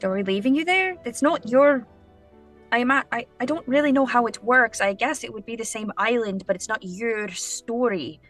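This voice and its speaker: Bright-toned woman tabletop player. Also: on the high side, moderate pace, faint music behind. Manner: upbeat, laughing, thinks aloud. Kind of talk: tabletop role-play, in and out of character.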